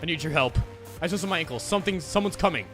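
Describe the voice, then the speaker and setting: A man's voice: on the high side, expressive, fast, bright, forceful tone, faint music behind, pitched above the performer's own voice. A man doing a panicked, pleading young hero. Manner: urgent, pleading.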